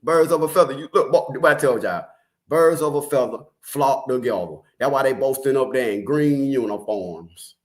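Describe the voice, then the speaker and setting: A man's voice: mid-range voice, moderate pace. A man with a Detroit accent giving casual, slangy commentary on a true crime case, with laughing asides.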